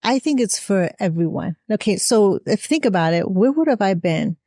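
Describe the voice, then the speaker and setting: A woman's voice: mid-range voice, animated, normal speed, warm tone, no room sound. American lady guest on a podcast, earnest and emphatic, mid voice, dry close sound. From United States. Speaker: podcast guest, music coach. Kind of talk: casual interview chat.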